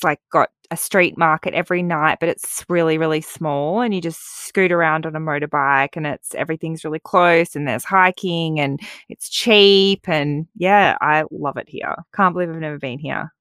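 A woman's voice: deep voice, steady tone, normal speed, fairly bright tone, smooth, no echo, clean studio sound. A young woman, co-hosting a podcast in easygoing chat and laughing often. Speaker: podcast co-host. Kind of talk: casual chat. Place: abroad, recording remotely.

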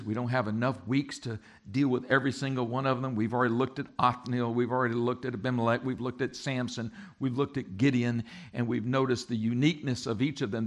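A man as pastor giving a sermon, talking lively and joking with his congregation. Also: medium pitch.

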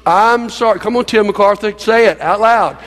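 A man preaches to his congregation in an emphatic, folksy way, urging listeners to speak along with him. His voice sits high for a man. The sound carries a long reverb from the church sanctuary. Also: normal speed, fairly bright tone. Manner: emphatic, folksy, with laughs and audience prompts. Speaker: pastor. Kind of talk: sermon.

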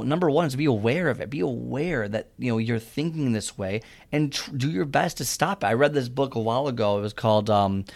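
A man's voice: mid-range voice, gravelly. Earnest rambling man giving fitness advice. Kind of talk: casual motivational monologue.

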